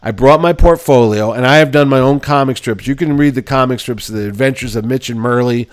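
A man in his fifties hosting a show, telling casual stories and acting out the people in them, combative and quick with a comeback. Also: medium pitch, dry recording, clean studio sound. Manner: self-described belligerent, quick with comebacks. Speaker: podcast host. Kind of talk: casual storytelling.

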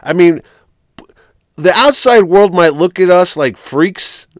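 A man's voice: high voice, animated, slow, no echo, clean studio sound. A man in casual chat, talking animatedly with lots of restarts and repeated words.

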